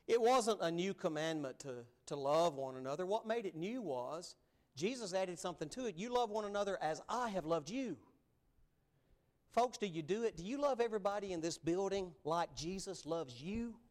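Male pastor, higher than average pitch, emphatic sermon delivery with loud and hushed turns. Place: church sanctuary.

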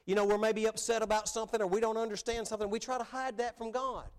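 Male pastor, high voice, earnest sermon delivery with emphatic peaks. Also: level tone, quick pace, clear, resonant tone.

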